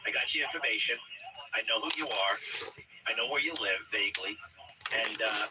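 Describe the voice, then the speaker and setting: A man's voice: lowish voice, moderate pace, long pauses, very noisy. A male talk radio host taking calls, combative, sarcastic and needling toward callers.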